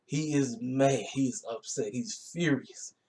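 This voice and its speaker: Man, casual wrestling recap, rambling, colloquial, mid-pitched. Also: unhurried, a little mellow. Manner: laid-back, colloquial, rambling with fillers. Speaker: wrestling show reviewer.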